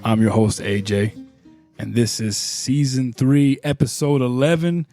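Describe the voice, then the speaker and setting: A man hosts a relaxed podcast conversation with a voice of ordinary pitch. He keeps the mood upbeat and joking. He laughs easily as he talks. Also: unhurried, soft background music. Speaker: podcast host. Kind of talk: casual podcast chat.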